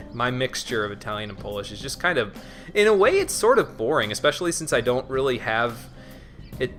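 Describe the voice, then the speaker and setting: A man's voice: mid-range voice, very animated, brisk, a bit bright, faint music behind. A man hosting a casual gaming livestream, chatting easily with viewers and often repeating himself as he talks. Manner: chatty, responds to chat, repeats words. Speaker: livestream host.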